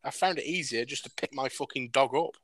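A man's voice: medium pitch, a little fast, a bit bright. A man co-hosting a podcast, ranting bluntly and swearing in casual banter. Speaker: podcast co-host.

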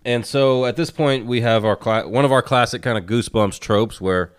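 A man's voice: mid-range voice, normal speed, smooth. A man co-hosting a casual recap chat, loose and joking, laughing often. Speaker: podcast co-host.

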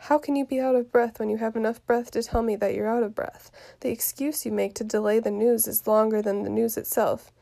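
A lovesick young girl pressing for news, as a woman reads her from a play, spoken quietly with some words slipping into a whisper. The voice sits a little high, with a gravelly fry and a mellow, dark tone. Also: fairly even intonation, fairly quick, hardly any pauses. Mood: eager. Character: impatient lovesick teenage girl. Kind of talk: reading a play aloud.

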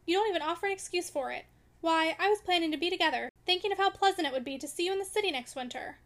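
A woman's voice: very high voice, very fast. A woman voicing a restless young wife in an audiobook reading, indignant and pleading in turn. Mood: hurt. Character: restless young wife, hurt and sharp-tongued.

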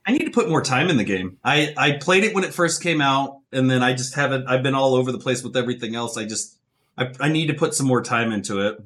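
A man's voice: medium pitch, animated, fast talker, fairly bright tone. Chatty, self-mocking man on a gaming podcast. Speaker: co-host. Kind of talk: casual gaming chat.

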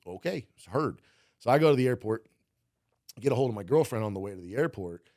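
A man's voice: mid-range voice, lively intonation, fairly quick, mellow, dry recording, studio quality. A man being interviewed, telling a story casually with lots of "like" and some swearing. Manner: rambling, heavy use of "like", swearing. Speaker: guest, former cannabis cultivator.

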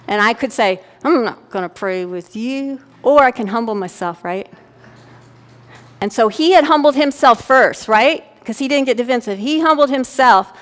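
A middle-aged woman delivers a sermon in a frank, chatty manner, often checking in with her listeners. Her voice sits a little high, and the recording carries the long reverb of a church hall. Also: lively intonation, moderate pace. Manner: conversational, candid storytelling with frequent "right?" check-ins. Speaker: pastor's wife preaching. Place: church sanctuary.

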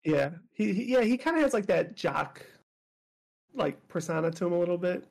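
A man's voice: sits high, animated, normal speed, creaky. A man co-hosting a podcast in casual chat, laughing often and restarting his sentences. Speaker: podcast co-host.

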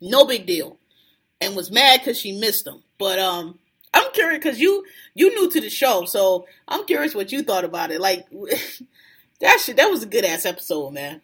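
A woman's voice: mid-range voice, normal speed, breathy edge. A woman hosting a podcast, chatting casually and profanely about a TV episode, acting out characters' lines. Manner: animated, profane, laughs often, acts out characters' lines. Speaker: podcast host. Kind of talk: casual TV recap chat.

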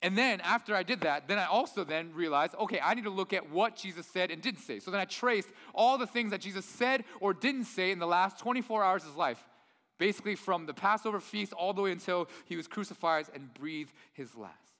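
Guy preaching, kinda nerdy and excited, bright tone, hall echo. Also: high-pitched, brisk. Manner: enthusiastic, nerdy, conversational. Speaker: pastor. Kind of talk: sermon.

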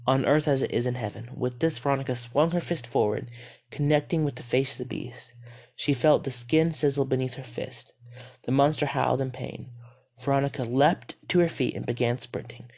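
Male horror-story narrator, steady delivery, occasional slips. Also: mid-range voice, moderate pace, creaky. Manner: steady, with small stumbles and self-corrections.

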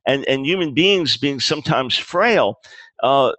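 A man's voice: mid-range voice, lively intonation, a little slow, fairly bright tone, no echo. A man being interviewed about his book, explaining his views earnestly, often restarting phrases and acting out quoted dialogue. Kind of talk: conversational interview.

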